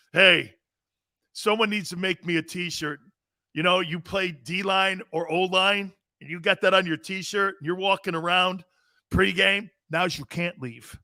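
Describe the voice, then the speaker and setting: Male sports talk host, high bright voice, brash and profane, riffing on chat comments. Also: no room sound, clean studio sound. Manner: loud, jokey and profane, laughs often; rapid, excitable banter. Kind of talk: live sports talk show, reading viewer chat.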